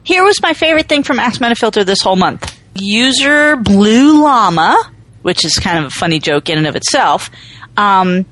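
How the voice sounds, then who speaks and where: A woman from New England chats on a podcast with a lively, swooping voice. She talks breezily and lets her sentences trail off into "blah, blah, blah." Her pitch rises and falls constantly as she tells the story. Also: moderate pace. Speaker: podcast co-host. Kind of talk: casual chat.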